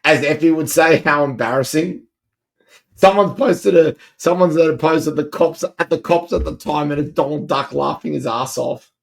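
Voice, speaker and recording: A man's voice: on the high side, normal speed, creaky. A man co-hosting a comedy podcast, chatting laid-back about listener comments and laughing along. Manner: laid-back, laughs at stories, says mate. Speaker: podcast co-host. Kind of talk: casual comedic chat.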